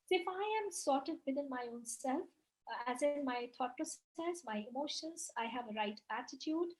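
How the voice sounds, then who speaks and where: A woman's voice: sits high, animated, moderate pace, rough recording. A woman giving an online webinar lecture, explaining at length with many fillers and frequent "right?" check-ins. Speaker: webinar speaker. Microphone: video call.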